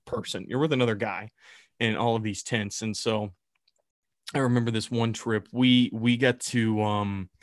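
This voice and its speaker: A man casually telling a camp story on a podcast, animated and swearing as he builds suspense. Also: on the low side, normal speed, dry recording, studio quality.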